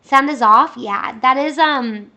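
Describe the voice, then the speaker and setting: A woman's voice: high voice, slow, pushed and bright. A young woman chatting casually on a live stream from her room, practicing a word over and over. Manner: repeats words over and over, practicing pronunciation. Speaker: livestreamer. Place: bedroom with air conditioning running. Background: air conditioning hum.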